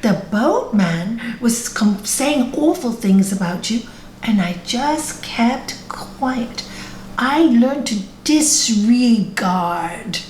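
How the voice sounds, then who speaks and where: A woman's voice: on the high side, expressive, very slow, a little mellow, slight background noise. A woman voicing a self-righteous male disciple who speaks in a prim, self-satisfied way, in an echoey room over a video call. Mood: smug.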